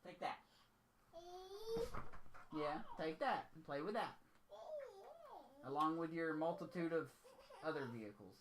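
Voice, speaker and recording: A man's voice: on the high side, lively intonation, unhurried, pauses often. A man chatting casually with his family while streaming from a room at home, in an easygoing, teasing way. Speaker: game streamer. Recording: noisy home stream audio.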